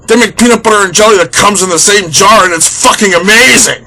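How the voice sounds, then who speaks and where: A man's voice: high-pitched, fast, hardly any pauses, bright, forceful tone. A young man ranting on his vlog, exasperated and sarcastic, swearing freely. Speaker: vlogger. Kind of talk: comedic rant.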